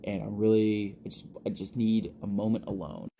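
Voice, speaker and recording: A man's voice: fairly low pitch, fairly even intonation, moderate pace, vocal fry, mellow, a little hiss or hum. A man voicing a panicky, irritable teenage boy who stammers and snaps, in a storytelling recap. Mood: agitated. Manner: agitated, jittery, stammering.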